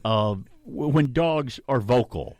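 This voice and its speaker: A man hosting a casual talk radio show, laughing often and telling stories with quick imitations. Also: mid-range voice, darkish tone, dry recording.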